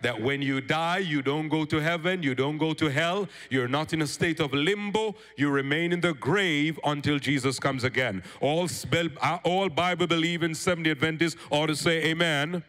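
A male pastor preaching a sermon, telling a story and calling on the congregation for amens, rising loud then dropping low. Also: moderate pace, few pauses. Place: church sanctuary. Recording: church hall reverb.

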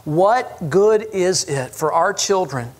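A man's voice: high voice, expressive, slow. A man preaching a sermon as pastor, telling stories with humor and asking the congregation for agreement. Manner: storytelling with audience asides; self-deprecating humor.

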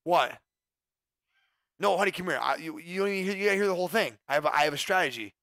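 A young man chatting casually and excitedly with his livestream chat, swearing often and breaking off to talk to people in the room. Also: sits high, quick pace, vocal fry, no echo, studio quality. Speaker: streamer.

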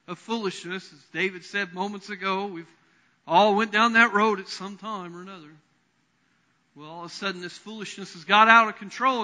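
Guy preaching in a big echoey church, high bright voice, tells the story with lots of life. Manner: animated storytelling preacher, voices Bible figures. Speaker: pastor. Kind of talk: sermon. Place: church sanctuary. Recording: long reverb of a church hall.

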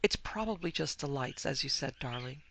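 An earnest young wife, uneasy and a little defensive, as a woman reading the story voices her. Her tone stays close to the narrator's own, bright with a touch of gravel. It is a storybook reading. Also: low-pitched, expressive, normal speed, slight background noise, exaggerated voice.

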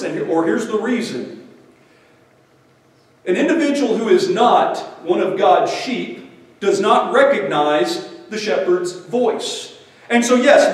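A man preaching a sermon in an earnest, measured way and reading scripture aloud. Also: high voice. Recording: echoey hall, far from the mic.

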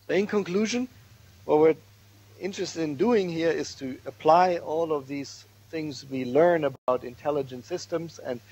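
Husky-voiced male lecturer. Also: medium pitch, darkish tone, low-quality recording. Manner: thoughtful, restarts words, explains step by step. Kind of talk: academic lecture.

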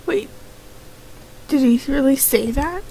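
A woman's voice: sits high, animated, takes it slowly, dark tone, a little hiss or hum, poor audio. A woman playing a game on video, reading the characters' lines aloud in her own voice and breaking in with her own reactions. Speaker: let's play gamer.

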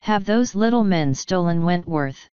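A determined young girl speaks sharply and insistently , as a woman reader voices her. The delivery is slow and very clean. The recording is dry and a little dull. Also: on the low side, lively intonation, darkish tone, smooth, dry recording.

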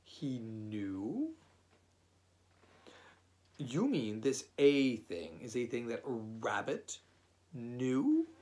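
A man reading aloud, voicing a gloomy, solemn male donkey who speaks slowly and scornfully. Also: mid-range voice, huge pitch swings, darkish tone, full character voice. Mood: doubtful.

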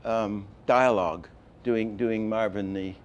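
An older man teaching animation, telling stories in a lively way and acting out example lines, with many restarts. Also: lowish voice, takes it slowly, lo-fi sound. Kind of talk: lecture with acted-out examples.

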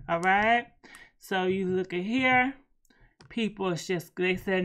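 A woman's voice: medium pitch, takes it slowly, pauses often, fairly bright tone. A woman giving sassy, chatty celebrity gossip commentary straight to her viewers. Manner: sassy, chatty, addresses viewers as girl and honey. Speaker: gossip vlogger.

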